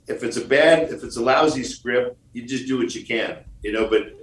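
A man's voice: medium pitch, moderate pace, echoey room, distant mic, low-quality recording. A man from Michigan, a guest on a podcast interview, telling stories in a jokey way and acting out the lines he quotes. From Michigan, USA.

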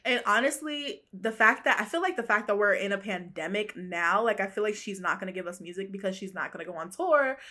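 Female solo podcast host with a bright, forceful voice, gossipy and chatty, quick to laugh and say honey. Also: medium pitch, lively intonation. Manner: chatty, slangy, laughs often, calls listeners honey. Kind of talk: casual solo pop-culture chat.

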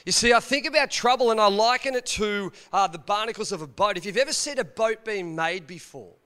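A man's voice: high-pitched, animated, brisk, fairly bright tone, smooth. An Australian man, a pastor, preaching a conversational sermon in church, telling stories and asking the congregation rhetorical questions. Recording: long reverb of a church hall.

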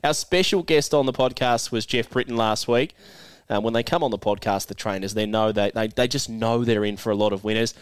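A man's voice: lowish voice, a little fast, clear, resonant tone, no echo. An Australian man hosting a podcast, teasing and laughing as he runs a quiz and chats with a guest, and feeling a bit unwell. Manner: jokey, teasing, laughs often. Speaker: podcast host. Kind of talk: casual chat and quiz hosting.

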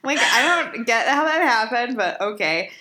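A woman in casual chat as podcast co-host, animated and laughing, acting out quotes from the show. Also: fairly high pitch, normal speed, heavy background noise.

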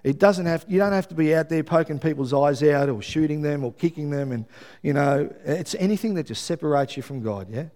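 A middle-aged Australian man preaching a sermon, telling a personal story with lively, acted-out quotes and asides. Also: fairly high pitch, fairly quick. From Melbourne, Australia.

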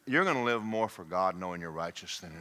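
A man preaching a sermon in an animated way, shouting, laughing and putting on mocking voices. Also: deep voice, brisk.

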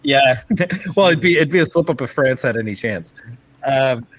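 A man co-hosting a casual sports podcast, his voice sitting in an ordinary middle pitch. He talks with eager enthusiasm but stumbles through fillers and restarts as he builds his point. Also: expressive, moderate pace, poor audio. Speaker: podcast co-host.

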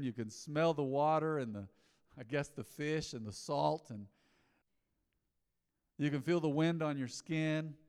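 A middle-aged male pastor preaching a sermon, swinging from soft pleading to loud calls that get the congregation repeating after him. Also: on the high side, smooth. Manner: animated preaching, rising and falling dynamics, calls to the congregation. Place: large church hall. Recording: long hall reverb.

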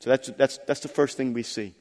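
A middle-aged man preaching a sermon, repeating phrases and swinging between quiet, intimate stretches and loud, emphatic climaxes. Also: medium pitch, fairly even intonation, fairly quick. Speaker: pastor. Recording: long hall reverb.

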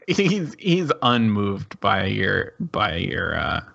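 A man running a tabletop game, narrating slowly with lots of restarts and laughs. His voice sits low, and the recording sounds a bit muffled and lo-fi. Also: sing-song, creaky, fairly bright tone. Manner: halting, laughing often. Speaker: game master.

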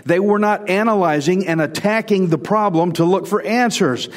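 A man preaching in a relaxed, chatty way, his voice sitting a little higher than most men's. He is animated and doubles back on words to drive home a point. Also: moderate pace, big-room sound. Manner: animated, repeats words for emphasis. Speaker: pastor. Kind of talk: conversational sermon.

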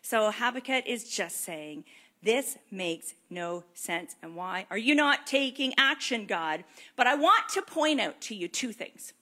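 A woman delivers a sermon with a somewhat high voice. She talks in a lively, conversational way and acts out prayers and questions to God as she goes. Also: measured pace. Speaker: preacher.

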